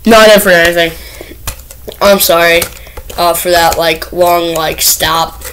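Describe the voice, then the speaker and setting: A woman's voice: fairly low pitch, steady tone, measured pace, fairly bright tone, a little hiss or hum, low-quality recording. Nervous rambling woman vlogger. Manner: nervous, rambling, many fillers. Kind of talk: casual first vlog to camera.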